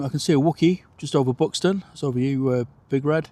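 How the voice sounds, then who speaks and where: A man's voice: mid-range voice, fast talker, dark tone, no echo. A man hosting a live plane-spotting stream outdoors at an airport, calling arrivals and departures and chatting with viewers' comments.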